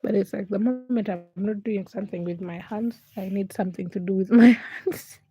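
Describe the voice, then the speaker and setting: A woman's voice: mid-range voice, normal speed, warm tone, husky. A young woman vlogger chatting casually to camera late at night, rambling and correcting herself as she confides. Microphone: camera-facing setup.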